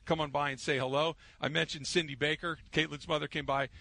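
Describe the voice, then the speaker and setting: A middle-aged man hosts sports talk radio in a chatty, storytelling way, laughing easily. His voice is gravelly with a bright, forceful edge. It sits a little high for a man. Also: level tone, fast talker, no room sound.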